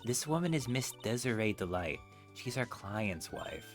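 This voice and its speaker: An earnest young defense lawyer speaks in a flustered, lively way, stumbling now and then, as a man reads him in close to his own voice. He sounds well-meaning and easily caught off guard. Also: medium pitch, normal speed, over music, close to an everyday voice.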